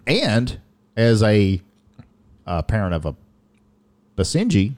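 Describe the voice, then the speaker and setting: Playful man with a lively, swinging voice. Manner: playful, quick quips, lively swings in pitch. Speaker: co-host. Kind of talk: casual comedic chat.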